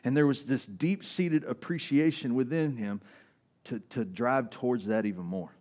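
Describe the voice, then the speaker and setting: At a normal speed, this man delivers a sermon as pastor, casually dropping in "right?" again and again. His delivery shifts from loud and raised to quiet and low.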